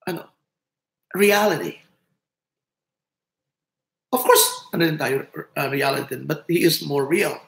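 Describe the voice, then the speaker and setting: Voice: mid-range voice, vocal fry, a bit bright. A host in their fifties with a Filipino accent, chatting casually on a livestream and laughing often. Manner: chatty, laughs often, switches between English and Tagalog. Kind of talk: casual live chat. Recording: roomy echo.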